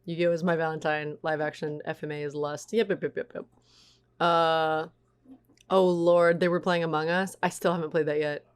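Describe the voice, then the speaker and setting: A woman's voice: sits low, little pitch movement, moderate pace, clear, resonant tone. A woman streaming live, chatting casually and reading out viewers' messages. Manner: chatty, reads chat aloud.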